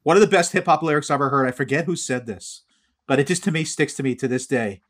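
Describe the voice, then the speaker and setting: A man's voice: medium pitch, quick pace, fairly bright tone. A man co-hosting a podcast in casual chat, telling stories and teasing his friends. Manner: joking storyteller, teasing. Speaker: podcast co-host.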